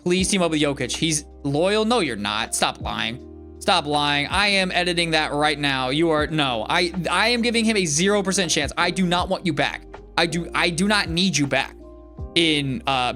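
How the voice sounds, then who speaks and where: A young man commenting casually on a sports video game, reacting excitedly and talking back to the game. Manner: excitable, talks to the game and players, swings between loud outbursts and low muttering. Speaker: gaming YouTuber.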